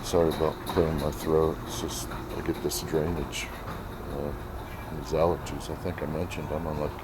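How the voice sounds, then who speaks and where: Low-voiced man rambling in his shop. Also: level tone, moderate pace, noisy background. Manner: rambling, self-talking, clears throat often. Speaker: vlogger. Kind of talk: casual vlog chat.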